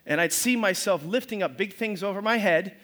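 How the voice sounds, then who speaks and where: A man's voice: sits high, a little fast, a bit bright. A man pastor preaching a sermon in a loose, conversational way, often restarting his phrases. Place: church service.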